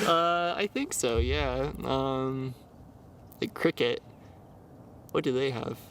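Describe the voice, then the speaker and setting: Giggly young podcast host guy, gravelly fry in his voice, faint hiss in the background. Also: mid-range voice, takes it slowly, fairly bright tone. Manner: giggly, easygoing, agreeable. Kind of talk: casual podcast chat.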